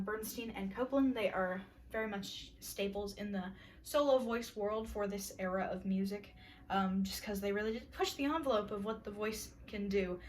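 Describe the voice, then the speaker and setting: With a little hiss or hum in the recording and the mic far away, a young woman with a mid-range voice presents her class project. She casually explains vocal warm-up exercises, using many fillers and singing brief solfege drills along the way.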